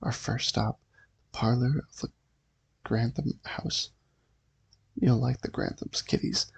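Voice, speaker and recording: A man's voice: medium pitch, steady tone, slow, gravelly, a little hiss or hum, rough recording. A man voicing a sly, ghoulish male host from a horror comic, teasing the reader with asides.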